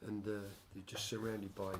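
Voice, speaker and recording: A man's voice: fairly low pitch, flat delivery, normal speed, slight background noise. An older man hosting a casual music chat, telling a long story with many restarts and wry asides. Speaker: show host and songwriter.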